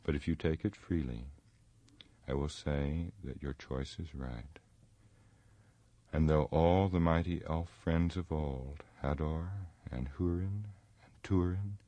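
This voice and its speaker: A wise ancient elf lord speaks with slow, solemn weight, as a man reads him. His voice sits at the very bottom of the range and sounds close and dry. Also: rumbling low, warm tone, dry recording, full character voice. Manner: solemn, measured pronouncement.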